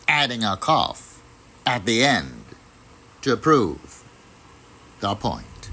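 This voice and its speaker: Slow, expressive male storyteller. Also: medium pitch, breathy edge, low-quality recording. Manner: deliberate, expressive delivery. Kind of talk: dramatic storybook reading.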